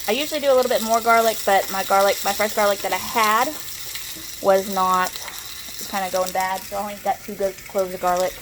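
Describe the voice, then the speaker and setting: A woman's voice: mid-range voice, noisy background. A woman with a Southern US accent, chatting and rambling through a homey cooking demo in her kitchen, recorded on a propped-up phone. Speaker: home cook. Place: home kitchen.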